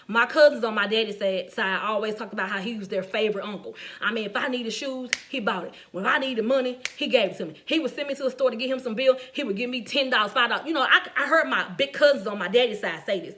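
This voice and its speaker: A middle-aged woman giving a faith-based talk, telling personal stories in a conversational, animated way, often laughing and speaking straight to her listeners. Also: a little high, quick pace, hardly any pauses.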